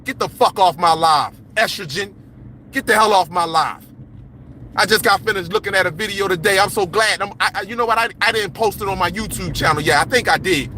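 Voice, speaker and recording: A man with a very high, bright, forceful voice hosting a livestream. He talks in a heated, confrontational rant, preaching at his viewers and often breaking into a yell. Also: fairly quick, slight background noise. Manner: impassioned, yelling, confrontational, preachy. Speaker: livestream host.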